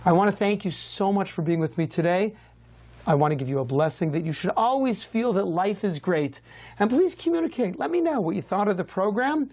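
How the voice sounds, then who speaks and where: A man, a rabbi hosting a TV show, answering viewers' questions in a lively, conversational teaching style. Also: sits high, brisk. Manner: lively, conversational, varies pace a lot.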